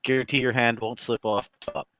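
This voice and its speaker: A man's voice: mid-range voice, steady tone, a little fast, bright, forceful tone, a little hiss or hum. A man running a tabletop game as dungeon master, joking and teasing his players.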